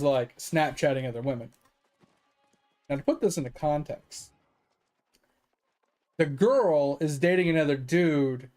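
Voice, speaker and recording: A man's voice: fairly high pitch, a little mellow. A man streaming a game and chatting casually, rambling through stories and swearing freely. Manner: rambling, chuckling storyteller who swears freely. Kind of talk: casual chat while gaming.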